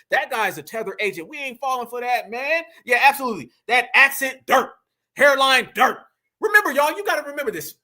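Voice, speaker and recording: A man talks in a high, bright voice. He gives animated, preachy commentary packed with slang, speaking straight to his online audience. His delivery stays casual and direct. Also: slightly rough.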